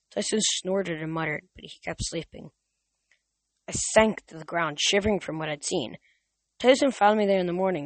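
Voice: mid-range voice, dry recording. Amateur reader with frequent slips. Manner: plain reading with slips and restarts. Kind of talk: amateur audiobook reading.

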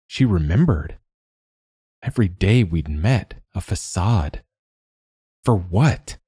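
A man narrating a first-person fantasy story in a measured, wry manner. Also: deep voice, darkish tone, breathy edge, no room sound, studio quality.

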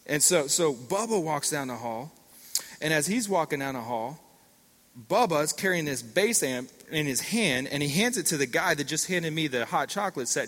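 Animated male pastor in a reverberant hall. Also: a little high, moderate pace. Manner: animated storytelling with call-outs to the congregation. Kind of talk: sermon. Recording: long reverb of a large hall.

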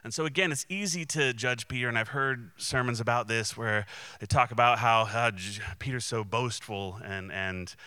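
A man's voice: mid-range voice, moderate pace, hardly any pauses, sharp tone, clean tone, dry recording. A man preaching a casual, conversational sermon, with many restarts and fillers and quoted voices acted out. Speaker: pastor.

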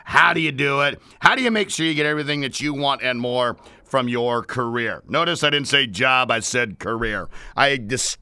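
A man's voice: medium pitch, bright, forceful tone, no echo, clean studio sound. A man hosting a business talk radio show, playful and joking, with a scratchy strained voice. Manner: playful, rhymes and jokes, restarts.

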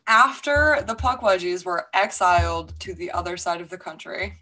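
Bright, sharp-toned woman as podcast host; laid-back, profane storytelling. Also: fairly low pitch, expressive, moderate pace. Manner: laid-back storytelling, swears freely, laughs often. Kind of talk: casual chat.

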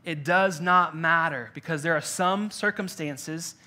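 Casual young pastor guy, bright high-ish voice, lots of "like", laid-back sermon to a church crowd. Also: unhurried. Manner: conversational, jokey, lots of "like" fillers. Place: church in-person gathering.

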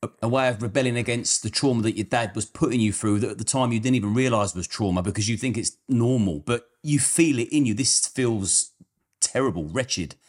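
A man's voice: mid-range voice, fairly quick, husky. A man hosting an interview, asking probing, empathetic questions in a casual tone.

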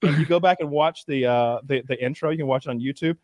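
A young man chatting casually, telling excited stories, swearing and acting out crowd cheers. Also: a little high, fast talker, no room sound, clean studio sound. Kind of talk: casual chat.

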